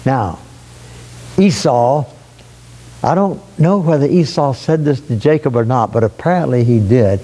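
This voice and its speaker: A man preaching a sermon, retelling a story in an unhurried, folksy way with frequent restarts and repeated words. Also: medium pitch, dark tone.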